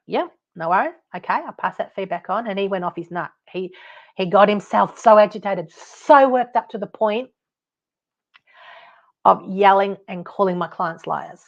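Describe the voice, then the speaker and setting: A woman's voice: mid-range voice, lo-fi sound. A woman with an Australian accent hosting her own podcast as a buyer's advocate, talking in a blunt, chatty way and laughing at her own stories. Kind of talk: casual solo podcast talk.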